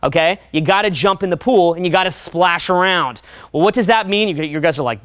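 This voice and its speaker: A young man coaching a seminar audience in a profane, animated way, often acting out voices. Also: high-pitched, fast talker, no room sound. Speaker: dating coach. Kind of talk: seminar talk.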